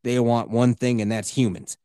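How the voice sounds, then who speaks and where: A man voicing a curt, deadpan big-game hunter in a story he is retelling on a podcast. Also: mid-range voice, normal speed, smooth, dry recording, studio quality, pitched below the performer's own voice, natural voice. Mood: gruff. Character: gruff laconic male big-game hunter.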